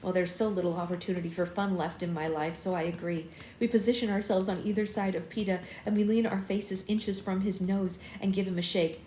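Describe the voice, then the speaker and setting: A woman's voice: mid-range voice, fairly even intonation, brisk, warm tone, a little hiss or hum. A woman hosting a book club, reading a first-person novel aloud expressively and acting out the dialogue, on a phone live stream. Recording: roomy room with faint ambience.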